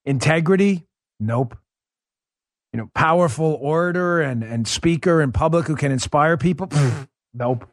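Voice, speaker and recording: A man's voice: fairly high pitch, moderate pace, dry recording, clean studio sound. A man hosting a political talk show, giving opinionated commentary with emphatic, sarcastic rhetorical questions.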